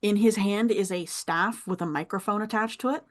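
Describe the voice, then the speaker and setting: A young adult woman narrates a tabletop role-playing game as game master, painting the scene in a casual, descriptive way. She pauses often to find her words and laughs easily, in a mid-pitched, everyday voice. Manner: descriptive, pausing, easy laughs.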